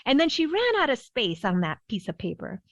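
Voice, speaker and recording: A woman pediatrician telling a parenting story in a podcast interview, lively and laughing often, with many "you know" fillers. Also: on the high side, brisk. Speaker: behavioral pediatrician guest. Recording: dull, dry lo-fi sound.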